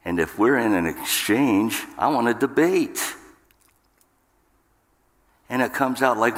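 A man's voice: expressive, normal speed, hardly any pauses. A man preaching a sermon to a church congregation, talking emphatically and with humor. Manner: emphatic, jumps up in pitch for acted outbursts. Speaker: pastor. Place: church sanctuary. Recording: long hall reverb.

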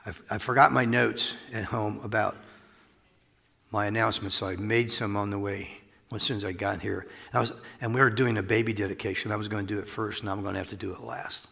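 A man's voice: lowish voice, creaky, fairly bright tone, slightly rough. A man preaching a sermon as pastor, talking in a loose, conversational way with chuckles and asides, recorded in a church sanctuary. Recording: long reverb of a large hall.

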